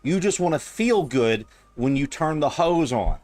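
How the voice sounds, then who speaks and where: A man's voice: on the high side, lively intonation, a little slow, darkish tone, dry recording. A man streaming, reacting to a clip in casual, blunt, profane and mocking commentary on a close mic.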